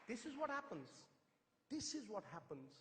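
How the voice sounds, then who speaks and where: A middle-aged man with a Punjabi-tinged Indian English accent, telling stories to an audience in a theatrical, punchy way with quick one-liners. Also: high voice, very animated, noisy background. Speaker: motivational speaker. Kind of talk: storytelling speech to a live audience. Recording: hall reverb.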